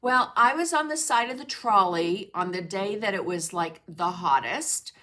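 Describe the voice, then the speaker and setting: Bright-voiced chatty woman hosting a livestream. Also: mid-range voice, animated, normal speed. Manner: chatty, greets viewers by name, laughs often. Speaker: art journaling livestream host. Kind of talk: casual livestream chat. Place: home studio.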